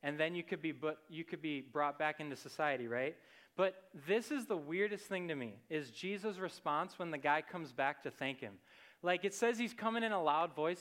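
Young man, casual sermon, chatty with lots of fillers, smooth voice pitched a bit high. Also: normal speed, fairly bright tone. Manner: conversational, many fillers and "like".

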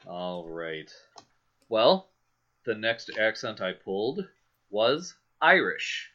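Bright-voiced sardonic man, lo-fi. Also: fairly low pitch, sing-song, slow pace, pauses often. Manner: sardonic, mock-grumpy. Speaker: podcast co-host. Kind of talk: casual banter, reading a book aloud.

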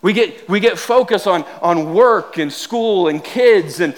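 A man preaching a sermon, animated and self-deprecating, telling funny everyday stories and often repeating words. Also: high voice, measured pace. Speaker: pastor. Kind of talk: sermon with humorous storytelling.

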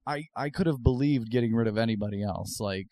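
A man's voice: medium pitch, fast talker, dark tone, no room sound. A man co-hosting a podcast, talking through his opinions casually with many fillers. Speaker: podcast co-host. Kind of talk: casual chat.

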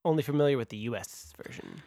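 A man's voice: mid-range voice, very animated, fast talker, gravelly, warm tone, no room sound, clean studio sound. A man hosting a podcast, welcoming listeners in casual chat with a jokey, upbeat manner. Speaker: podcast host.

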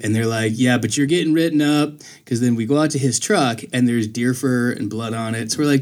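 A young man in casual chat, telling a story in an animated way and jumping up in pitch when he quotes people. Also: brisk, few pauses. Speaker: storyteller in conversation.

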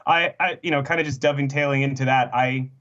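A man's voice: mid-range voice, steady tone, quick pace, a bit bright, dull audio. A man on a podcast panel, speaking thoughtfully and hesitantly while he searches for words. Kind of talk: casual podcast chat.

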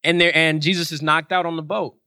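A man's voice: on the high side, flat delivery, fairly quick, bright, forceful tone, clean tone, dry recording, studio quality. A man preaching a sermon in an earnest way, repeating his points for emphasis.

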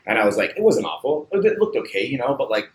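A man's voice: mid-range voice, very animated, fast talker, a little hiss or hum. A man who owns a barbershop and trains an apprentice, chatting casually in a loose, profane way with lots of filler. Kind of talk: casual chat. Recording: roomy recording with faint ambience.

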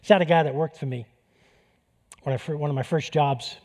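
A man with a New York accent preaching a sermon, animated and building to emphatic peaks. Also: on the high side, quick pace. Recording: long hall reverb.

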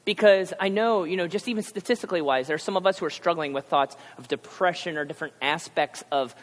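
A male pastor preaching a conversational sermon, acting out characters in quick asides. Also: fairly high pitch. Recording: long hall reverb.

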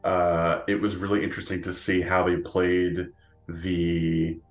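A man's voice: low voice, flat delivery, a little slow, echoey room, soft background music. A man co-hosting a podcast in casual chat. He rambles, with many fillers and restarts, and laughs often. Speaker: podcast co-host.

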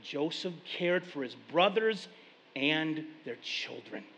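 A male pastor preaching a sermon, retelling scripture stories in lively casual speech. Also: a little high, takes it slowly, muffled recording, a little hiss or hum. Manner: animated storytelling, paraphrasing scripture in casual speech. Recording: long reverb of a large hall.

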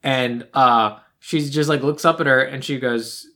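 A woman co-hosting a podcast, casually recapping a show and acting out the characters' lines in quick little voices. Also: rumbling low, fairly even intonation, a bit bright. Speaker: podcast co-host.

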